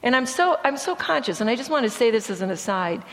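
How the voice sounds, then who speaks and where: A middle-aged woman from Michigan, a therapist, giving an animated personal testimony talk at a church event and softening her voice for serious asides. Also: on the high side, quick pace. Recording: long hall reverb.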